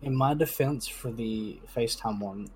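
A man's voice: mid-range voice, moderate pace, husky, soft background music, poor audio. Laid-back young man, rambling podcast co-host. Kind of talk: casual chat.

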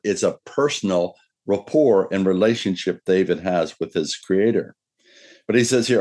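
Low-voiced man preaching a sermon. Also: darkish tone. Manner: earnest preaching, slows and lifts his voice when reading scripture. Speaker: pastor.

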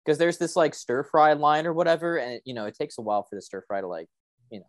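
A man's voice: a little high, expressive, fast, no room sound. A young college-age man telling meandering, crude, funny stories to a friend. He talks in a loose, chatty way over a video call. His voice sounds dry and close. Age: young adult. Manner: rambling, joking storyteller with crude humor. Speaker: college student. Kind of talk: casual chat.

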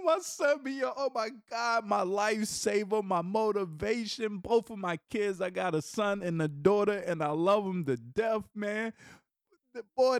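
A middle-aged man hosting a casual solo podcast, animated and often laughing, dropping into low murmurs and jumping into excited high bursts. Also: no echo, studio quality. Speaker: podcast host.

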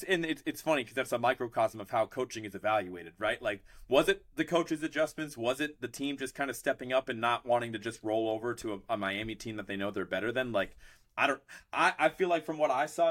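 Fast-talking male podcast host. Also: medium pitch. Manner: animated, rambling with many restarts. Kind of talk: casual sports chat.

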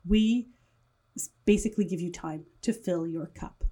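A woman's voice: on the low side, moderate pace, mellow, slightly rough. A woman with a French accent, a native French speaker, talking as a guest in a podcast studio about her wellness business, enthusiastic and running through long lists. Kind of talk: casual interview chat.

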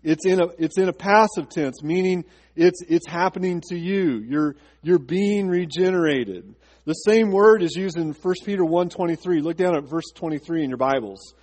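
A pastor with a fairly high, slightly mellow voice preaches to his congregation at a normal pace, and the church sanctuary gives it a big-room sound. He poses rhetorical questions and drifts into a chatty personal story.

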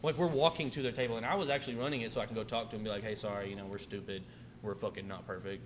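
A man's voice: fairly low pitch, rapid-fire, a crowd in the background. A man with an Oklahoma accent, a restaurant manager hosting a podcast, telling a story in casual chat and acting out the people in it with swearing and laughs. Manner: animated, acts out quotes with swearing and laughs.

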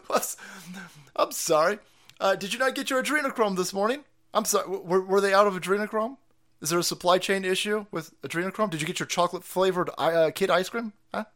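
A man streaming political commentary, loud and mocking, swinging from shouts to low mutters. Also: brisk. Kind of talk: profane ranting livestream commentary.

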